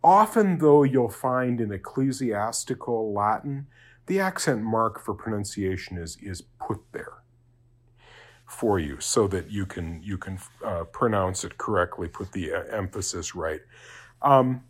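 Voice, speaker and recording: A man giving an informal spoken Latin lesson, hesitant and full of fillers, slowly sounding out example words and checking in with "okay?". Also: lowish voice, animated. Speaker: Latin teacher.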